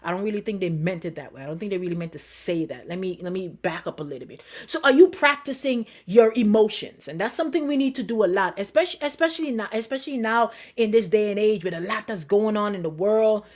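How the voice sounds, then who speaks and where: A middle-aged woman pastor preaching in a conversational style, repeating phrases, asking the listeners questions and dropping to a quiet murmur when she repeats her calming self-talk. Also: medium pitch, fast talker, hardly any pauses. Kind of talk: sermon.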